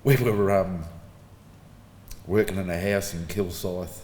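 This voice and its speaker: Speaking slowly in a deep, steady, slightly mellow voice, a middle-aged Australian man shares relaxed stories about his late father at a funeral service hall, now and then chuckling. The recording has the echo of the hall, faint ambience, and a bit of background noise.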